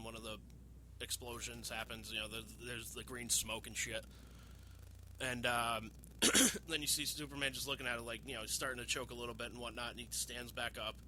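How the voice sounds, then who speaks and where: Podcast host, male, bright and forceful delivery, excitable profane recap, light background hiss. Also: medium pitch. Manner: profane, animated retelling, acts out quotes. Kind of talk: casual podcast chat.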